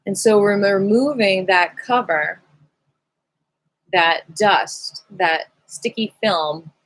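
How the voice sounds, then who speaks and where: A woman guiding a livestreamed qigong class, speaking slowly and soothingly with gentle affirmations. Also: mid-range voice. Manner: soothing, slow, affirming guidance with sudden loud bursts. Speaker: qigong and voice teacher.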